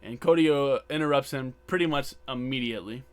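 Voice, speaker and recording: Dude on a podcast going over wrestling, smooth clear voice, mid pitch, acts out the lines. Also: male voice, fairly quick. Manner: retells scenes acting out quoted lines, profane, repeats words. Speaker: podcast co-host. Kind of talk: casual chat recapping wrestling. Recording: background buzz.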